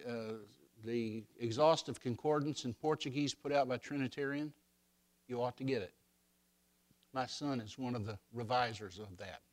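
An older man preaching a sermon in a folksy storytelling way, swelling loud when he quotes scripture. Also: medium pitch.

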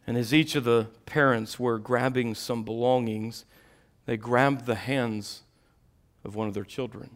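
A middle-aged man preaching a sermon, swinging between quiet, intimate asides and loud, impassioned peaks. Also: mid-range voice, fairly even intonation, measured pace.

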